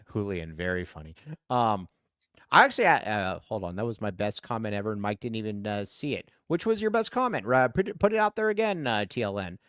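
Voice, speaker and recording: Animated excitable male sports podcaster. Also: on the low side, fairly quick, smooth, no room sound, clean studio sound. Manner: animated, excitable, reads viewer comments aloud. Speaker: podcast co-host. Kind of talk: casual sports talk livestream.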